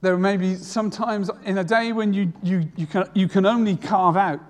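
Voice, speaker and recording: A man's voice: sits high, steady tone, normal speed, in a large hall. A retired man preaching a sermon, earnest and repeating key phrases for emphasis. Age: older.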